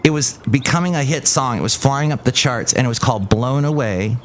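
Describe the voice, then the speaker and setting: In casual podcast chat, the middle-aged male host speaks fairly quickly at medium pitch, rambling and relying on lots of fillers. Slight background noise is audible.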